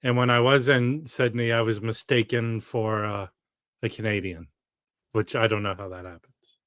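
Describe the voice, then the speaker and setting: A man's voice: lowish voice, fairly even intonation, normal speed, a bit bright, dry recording. Chatty man hosting a solo live stream. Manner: rambling, chatty, reads viewer comments aloud. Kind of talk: casual live stream chat.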